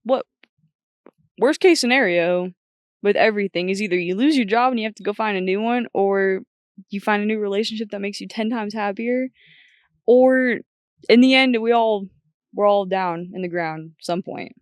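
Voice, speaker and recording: A woman's voice: mid-range voice, normal speed, no room sound, clean studio sound. A young woman guest on a podcast, talking bluntly and chattily, often quoting herself. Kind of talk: casual chat.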